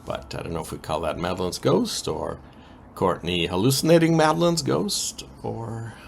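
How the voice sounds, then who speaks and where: A man co-hosting a podcast, recapping soap opera episodes in a casual, animated way with frequent ums. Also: lowish voice, normal speed, creaky, slight background noise. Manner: lively, animated retelling with many ums.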